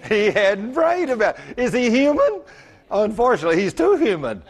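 Male pastor, middle-aged, sermon, storytelling, self-mocking, loud emphatic bursts. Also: on the high side, sing-song, a little fast.

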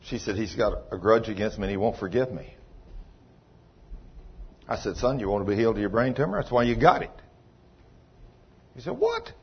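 A man preaching a sermon as pastor, telling a story and acting out the dialogue, swinging between loud and soft. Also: on the low side, sing-song, moderate pace, pauses often, breathy edge, lo-fi sound.

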